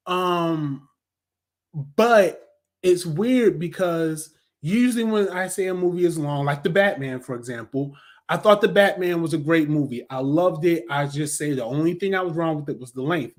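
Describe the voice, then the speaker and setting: A high-pitched man in his thirties rants happily about a film he loved, loose and slangy. He jumps into sarcastic impressions of critics and cheering crowds, then settles back into easy, rambling chat. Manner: animated, slangy, acts out crowds and critics in mocking voices. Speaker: movie reviewer. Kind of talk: casual review talk.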